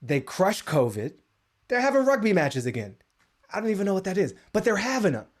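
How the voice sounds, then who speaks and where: An American man giving a comedic monologue as a guest speaker, sarcastic and animated, with sudden jumps up in pitch, speaking over a video call. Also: a little fast. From United States.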